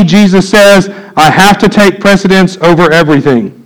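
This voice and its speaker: A man, preaching a sermon in a church, swinging from loud emphatic peaks to low quiet asides. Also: moderate pace, low-quality recording. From United States. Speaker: pastor. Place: church sanctuary.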